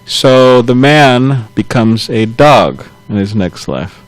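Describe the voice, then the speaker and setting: A man giving a scripture class, retelling a story in a loose, halting way with frequent chuckles and self-corrections. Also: medium pitch, lively intonation, low-quality recording. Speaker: temple class speaker.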